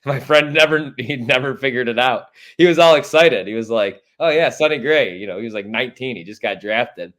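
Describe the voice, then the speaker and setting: A man's voice: mid-range voice, fairly quick, few pauses, fairly bright tone. A man from Chicago hosting a sports podcast, giving blunt, profane, opinionated takes in casual chat.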